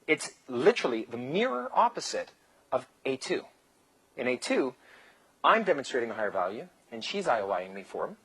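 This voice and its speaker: A man's voice: mid-range voice, sing-song, normal speed, fairly bright tone, breathy edge, low-quality recording. A man teaching a live seminar, loose and joking, acting out bits of dialogue and swearing casually. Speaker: seminar instructor. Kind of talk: live lecture with anecdotes.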